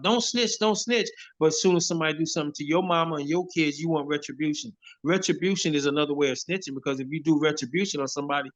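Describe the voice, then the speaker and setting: A hip hop artist speaking as an interview guest over a phone video call, preachy and emphatic, often repeating himself. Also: male voice, a little high. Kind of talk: casual interview. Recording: dull lo-fi phone audio.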